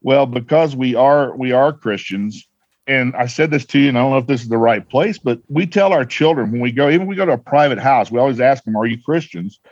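A man at a middle pitch tells heartfelt stories in an earnest way. The sound is close and dry, a little dull on top. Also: animated, brisk, darkish tone, no room sound. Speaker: guest, Santa performer. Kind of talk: casual interview talk.

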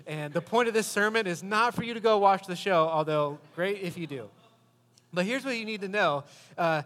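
A man's voice: high-pitched, a bit bright. A male pastor giving a sermon in a conversational, storytelling way. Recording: long hall reverb.

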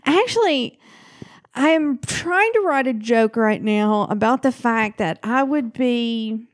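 Female podcast co-host, casual and jokey, crude at times, slightly high pitch. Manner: animated, jokey, swears freely. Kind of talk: casual chat.

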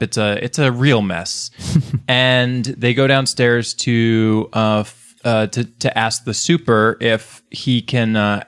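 A man's voice: medium pitch, a bit bright, smooth, no room sound, clean studio sound. Rambling male podcast co-host. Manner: rambling, hesitant with fillers. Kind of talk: casual podcast chat.

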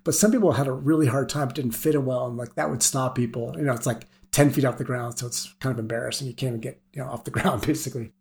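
A man, a guest on a climbing podcast, telling stories in a casual and animated way, laughing now and then. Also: medium pitch, fast, gravelly, few pauses. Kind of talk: casual storytelling.

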